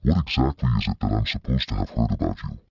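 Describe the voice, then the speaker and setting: A cool, clipped young woman from a storybook, read out by a man in his own very deep, gravelly voice. Her replies are short and frosty. The recording is dull and dry. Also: animated, quick pace, a little mellow, no room sound, exaggerated voice.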